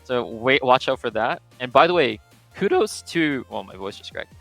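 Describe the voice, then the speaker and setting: A man co-hosts a live esports stream, excitable and rambling as he talks. His voice is bright and forceful. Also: mid-range voice, brisk, gravelly, no echo, faint music behind. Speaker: esports co-caster and organizer.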